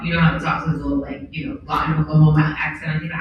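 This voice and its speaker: Animated woman in a far-off echoey hall. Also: deep voice, quick pace, few pauses, lo-fi sound, slight background noise. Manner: animated, candid, blunt, acts out quotes. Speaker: panel speaker. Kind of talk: conference panel talk. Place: large event hall on a stage.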